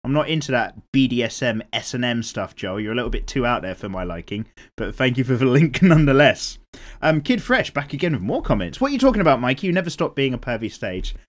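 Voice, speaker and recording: A man's voice: mid-range voice, big pitch swings, quick pace. Laid-back British man chatting while drawing. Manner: rambling, swears casually, laughs often. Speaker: art channel host. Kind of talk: casual chat while drawing, reading viewer comments.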